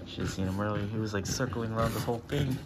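A man filming his dogs at home, chatting casually and slipping into playful baby talk that jumps up high. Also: fast. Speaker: dog owner filming his pets. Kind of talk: casual home video chat. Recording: home video with clear background noise.

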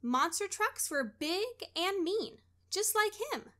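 A woman reading a children's story aloud in an expressive, deliberate storytelling manner. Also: extremely high pitch. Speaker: storybook reader.

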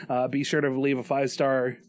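A man's voice: medium pitch, flat delivery, a little fast, darkish tone. A man co-hosting a podcast in casual chat, joking and rambling with restarts and laughs. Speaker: podcast co-host.

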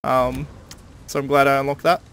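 Gravelly Australian let's-play host. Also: male voice, medium pitch, little pitch movement, normal speed, a bit bright. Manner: chatty, thinking aloud with frequent ums. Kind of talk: casual gameplay commentary. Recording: faint game music behind.

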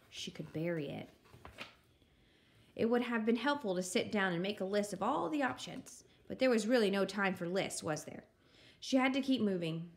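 A woman with a mid-range voice reads a children's chapter book aloud, telling the story in a calm, measured way.

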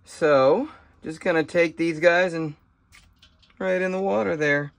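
Unhurried and steady, a slightly high, creaky male voice comes through with no room sound. He's a homesteading vlogger casually demonstrating berry harvesting and preparation, folksy and rambling, thinking out loud with plenty of fillers and asides. The how-to begins outdoors by trees and continues in a kitchen.

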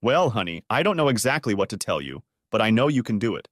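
A man voicing a gentle middle-aged mother who speaks softly and tenderly in an audiobook story. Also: lowish voice, very animated, quick pace, no room sound, clean studio sound. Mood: soothing. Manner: soft, tender and consoling.

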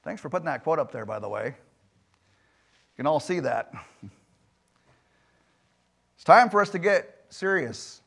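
High-voiced man preaching a sermon. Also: very animated, a little slow, vocal fry, pauses often. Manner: emphatic preaching with rhetorical questions and sudden loud swings. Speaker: pastor. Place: church sanctuary.

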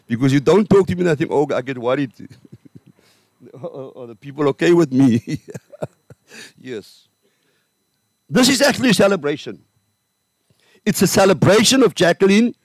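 A man's voice: sits high, no echo. A man preaching a funeral sermon as pastor, with rising emphatic declarations and calls for the audience to respond. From South Africa. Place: outdoor cemetery funeral service.

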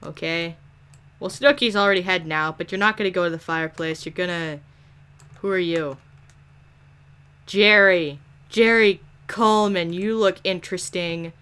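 A woman's voice: fairly low pitch, moderate pace, long pauses, fairly bright tone, smooth. A woman giving casual gameplay commentary, sarcastic and profane, ordering game characters around and muttering asides. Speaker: gaming YouTuber.

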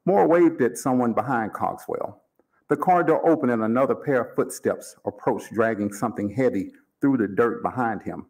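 Male author reading his fiction aloud; steady narration, mid-range pitch. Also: normal speed.

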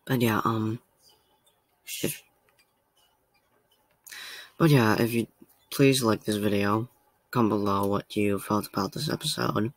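A man's voice: fairly low pitch, steady tone, unhurried, pauses often, no echo. A man hosting a reaction vlog, talking casually to the camera in a rambling, emotional way and laughing at himself often. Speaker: reaction channel host. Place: home room.

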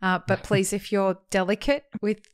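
A woman's voice: medium pitch, level tone, moderate pace, clear, resonant tone, no echo, clean studio sound. A woman hosting a podcast, conversational and a little teasing as she asks questions. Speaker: podcast host. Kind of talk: podcast interview and sponsor reads.

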